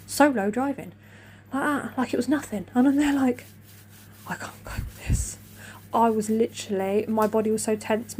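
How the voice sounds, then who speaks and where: A woman's voice: medium pitch, darkish tone, slight background noise. A middle-aged woman telling a long personal story in a casual, rambling, self-deprecating way, acting out her own remarks. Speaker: vlogger.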